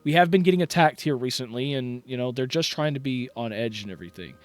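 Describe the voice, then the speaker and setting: A man's voice: mid-range voice, fast talker, lightly acted. A man playing a human male adventuring party leader who talks in a placating, slightly pompous way.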